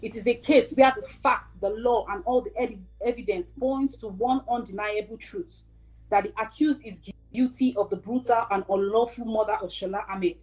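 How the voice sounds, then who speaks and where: A woman's voice: a little high, moderate pace, a little mellow, breathy edge, rough recording. A woman playing a firm prosecutor who questions the accused in a student courtroom role-play. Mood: formal. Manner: firm, interrogating, formal. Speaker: prosecutor in a mock trial.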